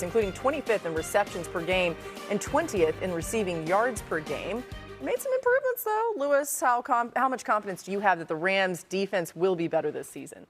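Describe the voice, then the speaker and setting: Lady sports reporter reading the segment, music bed behind. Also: medium pitch. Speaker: sideline reporter. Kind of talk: sports news presenting.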